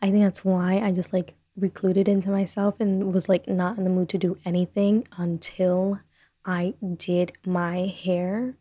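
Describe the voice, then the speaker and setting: A young woman hosting a casual solo podcast from her bedroom, rambling and self-deprecating, talking fast. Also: fairly low pitch, level tone, dark tone, no room sound. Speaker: podcast host. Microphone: desk microphone on a short stand.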